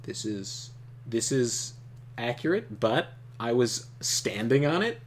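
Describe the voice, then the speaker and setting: A man reading the text of a computer game aloud while he plays. His voice sits at a middle pitch, and he talks casually, trips over names now and then, and breaks off for quick asides. A faint hiss runs under the recording. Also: lively intonation. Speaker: let's play host.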